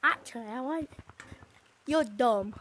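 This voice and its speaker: A woman's voice: a little high, slow pace, fairly bright tone, a little hiss or hum. A woman playing a game and narrating her own moves in a playful, sing-song way. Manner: playful, sing-song, breaks into shrieks and giggles.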